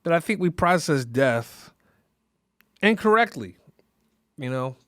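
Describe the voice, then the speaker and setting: A man's voice: a little high, big pitch swings, takes it slowly, fairly bright tone, no echo, clean studio sound. A man hosting a podcast, talking in a rambling, reflective way with many fillers. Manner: rambling, frequent fillers, laughs through grief. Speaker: podcast host. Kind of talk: casual reflective monologue.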